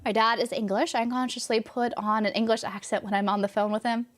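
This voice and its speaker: Young woman, Californian accent, rambling livestream chat, slightly high pitch, faint music behind. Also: level tone, fast. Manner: chatty, rambling, answers chat questions with frequent laughs. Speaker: game streamer. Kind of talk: casual live-stream chat.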